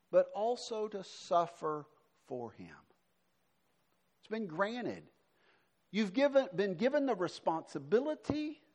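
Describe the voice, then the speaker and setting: Lively high-voiced male pastor preaching. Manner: preaching with swings between emphatic and soft, hushed delivery. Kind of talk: sermon.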